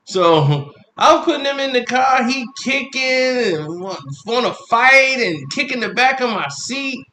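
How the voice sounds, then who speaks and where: A man's voice: very high-pitched, measured pace. A man animatedly telling a comic personal story, acting out the scene as he goes. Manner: animated, acts out the scene, laughs while telling.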